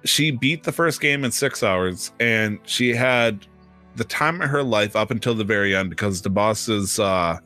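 A man's voice: lowish voice, moderate pace, bright, forceful tone, faint music behind. A man co-hosting a podcast, chatting casually in a rambling way with many fillers and restarts. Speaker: podcast co-host. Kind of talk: casual chat.

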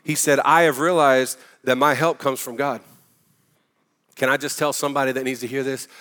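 A man preaching a sermon in an energetic, emphatic, conversational way. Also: mid-range voice, normal speed, in a large hall. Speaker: pastor.

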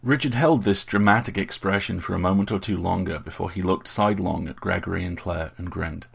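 A man narrates an audiobook steadily and with measured delivery. His voice is very deep and gravelly, with a rough, husky texture.

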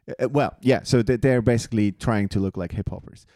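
A man co-hosting a podcast, chatting casually with quick teasing quips. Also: lowish voice, dark tone, dry recording, clean studio sound. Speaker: podcast co-host. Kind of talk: casual chat.

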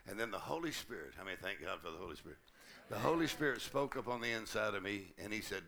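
Gravelly-voiced preacher man, tense and bright. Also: on the low side, quick pace, few pauses. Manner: lively and humorous, acting out little quoted exchanges. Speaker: pastor. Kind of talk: preaching a sermon to a congregation. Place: church conference.

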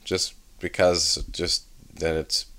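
A man's voice: sits low, slow pace, noisy background. A man, a co-host in a casual chat, guessing answers and easily amused. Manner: lively, easily amused, chatty.

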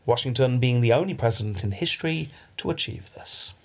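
Podcast guy telling history stories, chatty, kinda husky voice. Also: medium pitch, expressive, fairly quick, dull audio. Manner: chatty, laughs easily. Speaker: podcast host. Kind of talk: conversational history storytelling.

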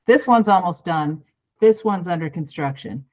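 A woman's voice: lowish voice, expressive, normal speed, a little mellow, highs cut off. A woman co-hosting a podcast, telling a story bluntly, with plenty of swearing and self-mocking humor. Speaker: podcast co-host. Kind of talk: casual storytelling.

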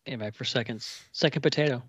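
A man's voice: medium pitch, a little fast, fairly bright tone, slightly rough, no room sound. A man co-hosting a podcast, chiming in with short amused reactions during a casual chat. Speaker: podcast co-host.

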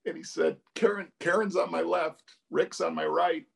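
A man's voice: on the high side, fairly even intonation, moderate pace, creaky, breathy edge. A middle-aged man, a tournament commentator, telling stories with animation and laughter in a casual interview.

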